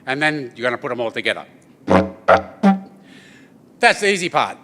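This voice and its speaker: Over soft background music, an Australian artist jokes his way through a storytelling presentation and didgeridoo demonstration at a corporate briefing. His medium-pitched, sharp voice swings widely in pitch at a moderate pace, chatty and often ending with "yeah?" and "eh?".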